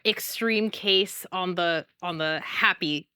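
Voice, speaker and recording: A woman's voice: on the low side, slow pace, sharp tone, clean tone, no room sound, studio quality. A woman from a dog rescue, chatting casually and laughing often as she comments on a dog. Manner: chatty, laughs often, acts out the dog's thoughts. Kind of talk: casual conversation.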